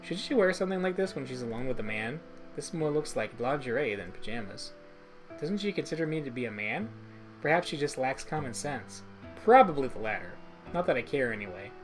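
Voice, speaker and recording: A man's voice: mid-range voice, expressive, brisk, soft background music, rough recording. Wry man reading a game aloud. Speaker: let's play streamer. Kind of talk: reading a visual novel aloud with commentary.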